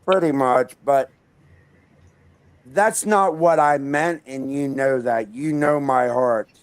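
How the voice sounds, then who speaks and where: A man on a panel, speaking haltingly and often restarting his sentences. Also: mid-range voice. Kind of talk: heated panel discussion.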